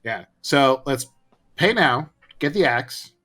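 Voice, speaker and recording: A man's voice: medium pitch, lively intonation, fairly bright tone. A man playing a tabletop game, talking casually with many fillers and frequent laughs. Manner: slow, filler-heavy, laughing. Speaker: player.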